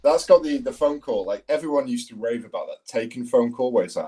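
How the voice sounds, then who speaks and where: A man's voice: mid-range voice, quick pace, hardly any pauses, warm tone. A man in casual podcast chat, blunt and emphatic, swearing freely. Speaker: podcast co-host.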